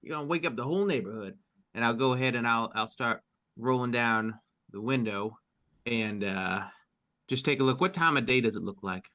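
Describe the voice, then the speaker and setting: A man's voice: mid-range voice, brisk, bright, forceful tone, dry recording. A man playing a tabletop horror game, stammering as he speaks in character. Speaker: player. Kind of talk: casual tabletop play.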